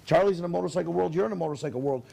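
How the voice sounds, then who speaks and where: A man hosting a casual talk show with a high, gravelly voice. He talks quickly and keeps the chat lively and conversational. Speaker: host.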